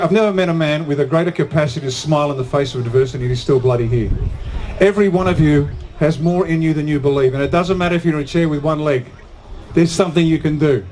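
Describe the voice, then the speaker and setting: A man's voice: a little high, a little mellow, a little hiss or hum. A man giving a live motivational talk at an event, speaking emphatically and repeating key phrases for impact. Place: outdoor event on a hot day.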